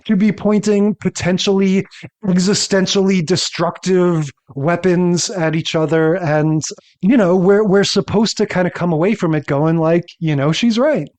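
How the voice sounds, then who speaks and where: A male podcast co-host with a slightly higher voice than most men. He talks in a wry, chatty way and keeps dropping joking asides while he recaps. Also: moderate pace, darkish tone. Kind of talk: casual chat.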